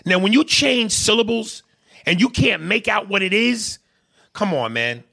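A man ranting in a heated, profane podcast conversation, swinging between loud bursts and quiet asides. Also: high voice, animated, a little slow, gravelly. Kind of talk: heated casual rant.

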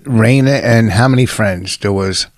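A man's voice: on the low side, unhurried, no echo. A man co-hosting a podcast, bickering defensively with his partner and talking over her, his voice jumping up when he argues. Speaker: podcast co-host. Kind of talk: casual bickering chat.

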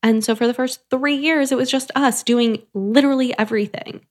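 A woman's voice: on the high side, steady tone, brisk. A woman in her thirties, a business owner guesting on a podcast, talking candidly in casual chat, swearing freely and peppering her speech with "like.".

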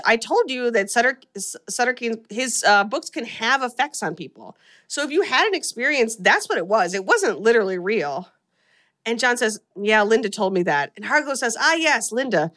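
Animated woman recapping a movie. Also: a little high, normal speed. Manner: animated, laughs often while retelling scenes. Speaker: podcast host. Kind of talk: casual movie recap chat.

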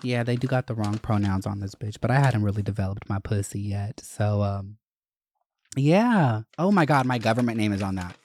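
A man's voice: on the low side, expressive, moderate pace, a little mellow, slight background noise. A man hosting a podcast, telling candid, profane stories from his school days in a chatty way. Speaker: podcast host. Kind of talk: casual storytelling.

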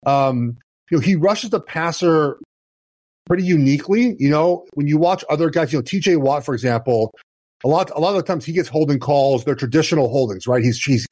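Man explaining football, fast restarts. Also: on the high side, darkish tone, no room sound. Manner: explanatory, many restarts and "you know". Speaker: guest, former NFL player. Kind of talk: casual podcast chat.

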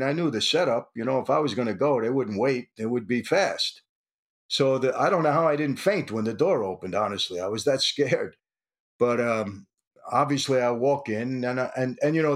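Older New man telling a tense story. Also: mid-range voice. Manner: animated storytelling, acts out quoted dialogue. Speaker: interview guest, former mobster. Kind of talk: storytelling interview.

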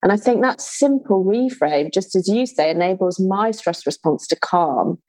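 A woman's voice: mid-range voice, expressive, moderate pace, a little mellow, no room sound, low-quality recording. A woman hosting an interview, speaking thoughtfully and in a casual, reflective way. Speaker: podcast host.

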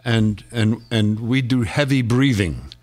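A man's voice: mid-range voice, takes it slowly, darkish tone. An older man, a guest actor, reminiscing in a casual interview, rambling through stories and chuckling often.

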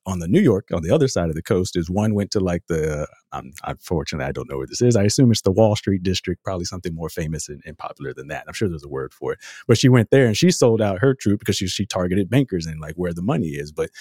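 Low, dark-voiced man chatting casually. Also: dry recording, studio quality. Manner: rambling, self-correcting, laughs often. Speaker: podcast guest, author. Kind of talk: casual podcast chat.

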